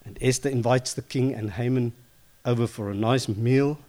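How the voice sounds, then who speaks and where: A man retelling a Bible story informally, lively and conversational, with fillers and self-corrections. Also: medium pitch, normal speed.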